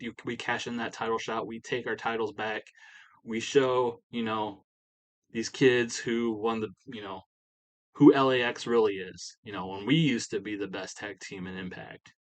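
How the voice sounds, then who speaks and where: An earnest male wrestler pleads and makes amends, as a man voices him in a game recap. He talks in a low, eager rush, padded with fillers. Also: fairly even intonation, normal speed, close to an everyday voice, low-quality recording.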